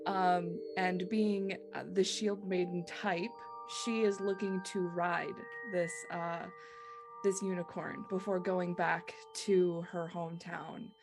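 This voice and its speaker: Woman player, non-native English, slow unhurried delivery, giggly and stumbling, faint music behind. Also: fairly low pitch, flat delivery. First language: not English. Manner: laughs often, stumbles over names. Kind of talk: casual tabletop game chat.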